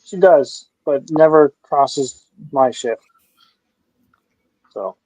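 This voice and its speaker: A man's voice: mid-range voice, extremely slow, darkish tone, husky, poor audio. A man in a casual podcast chat, answering with short, agreeing replies.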